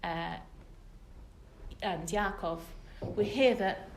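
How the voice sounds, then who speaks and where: A woman's voice: mid-range voice, drawn-out words, a little hiss or hum. A British woman giving a women's Torah class, telling the story earnestly and with emphasis to a live group. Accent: British English. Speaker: religious teacher. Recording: echoey room.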